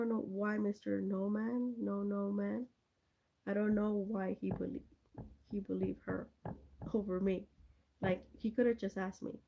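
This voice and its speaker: Slow, gravelly-voiced woman rambling on a live stream. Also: medium pitch, warm tone. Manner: chatty, rambling, addresses viewers by name. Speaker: livestream host. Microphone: cell phone.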